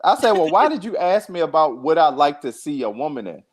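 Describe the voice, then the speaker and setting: A man co-hosting a podcast, telling dating stories in a rambling, profane, animated way. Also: a little high, a little fast. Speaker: podcast co-host. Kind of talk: casual chat, storytelling.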